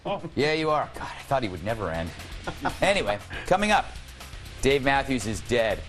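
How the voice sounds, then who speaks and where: A man's voice: mid-range voice, very animated, normal speed, music in the background. A man hosting a late-night panel show, joking and laughing often. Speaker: talk show host.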